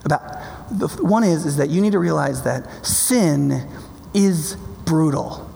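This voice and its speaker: A man's voice: a little high, animated, unhurried, vocal fry, warm tone, in a large hall, a little hiss or hum. A man preaching a sermon in an emphatic, conversational way, often checking in with his listeners. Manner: emphatic, conversational, keeps asking "right?".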